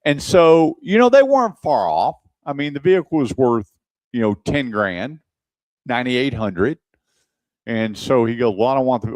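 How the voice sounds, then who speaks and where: A man's voice: mid-range voice, animated, a little slow, no room sound, rough recording. A man hosting a radio talk show, telling customer stories and acting out both sides of each conversation. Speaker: radio show host and car advisor. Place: radio studio.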